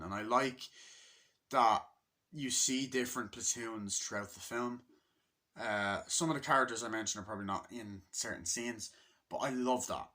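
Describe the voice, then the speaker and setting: A man's voice: medium pitch, moderate pace, pushed and bright. A man giving a casual, rambling movie review, swearing freely and loosely chatty.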